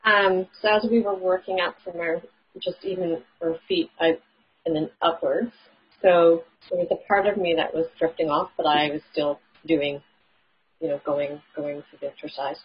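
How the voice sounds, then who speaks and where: A woman with a low, deeply husky voice asks a question on a group call. She hesitates often and fills her pauses with ums. The call audio is dull and lo-fi. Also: fairly even intonation. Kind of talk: casual question. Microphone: video call.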